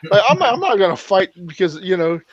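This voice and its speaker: High-voiced man telling rowdy stories. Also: big pitch swings, fast talker, lo-fi sound, crowd noise. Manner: rambling, profane, laughing anecdotes. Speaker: podcast co-host. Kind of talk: casual crude storytelling chat.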